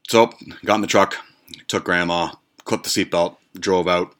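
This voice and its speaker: Deep-voiced man telling a profane story. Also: fairly even intonation, unhurried, a bit bright. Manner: profane, rambling, with many fillers and restarts. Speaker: podcast host. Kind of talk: casual storytelling rant.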